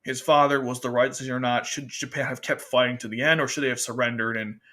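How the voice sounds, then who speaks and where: A man's voice: mid-range voice, quick pace. A man casually reviewing a manga, chatting loosely and acting out characters' lines as he goes. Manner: chatty, animated, quotes characters in exaggerated voices, laughs often. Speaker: anime review host. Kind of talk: casual commentary.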